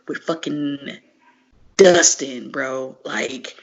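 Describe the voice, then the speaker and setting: A woman with a fairly low voice tells stories in a casual interview, animated, full of slang and profanity. Her voice comes through a dull, lo-fi recording that takes the crispness off her words. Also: normal speed. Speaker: wrestler guest.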